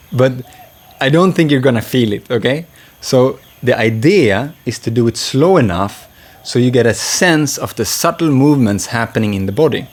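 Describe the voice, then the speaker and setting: A man teaching voice and breathwork in a calm, gentle way, pausing to breathe and sigh as he demonstrates. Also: mid-range voice. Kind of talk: calm spoken lesson.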